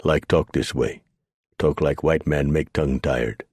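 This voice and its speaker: A man's voice: a bass voice, steady tone, unhurried, a little mellow, slightly rough, no room sound, exaggerated voice. A man voicing a sly, laconic warrior who talks in clipped, grunting phrases. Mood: teasing. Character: sly laconic frontier warrior playing dumb.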